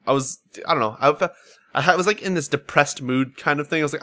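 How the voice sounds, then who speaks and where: A man hosting a casual gaming podcast, swearing freely and acting out his stories in a shrill voice. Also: quick pace, fairly bright tone. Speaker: podcast host.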